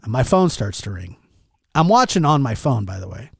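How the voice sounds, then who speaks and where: A young man hosting a podcast, telling a story in a casual, animated and exasperated way, acting out what others said. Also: mid-range voice, brisk, creaky, slightly rough, dry recording. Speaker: podcast host.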